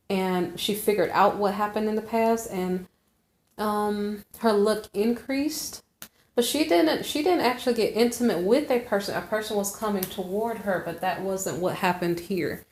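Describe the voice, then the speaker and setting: A woman's voice: medium pitch, a little mellow. A woman giving a casual tarot reading to viewers, rambling and correcting herself as she goes, often checking in with "okay?". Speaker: tarot reader. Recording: roomy echo.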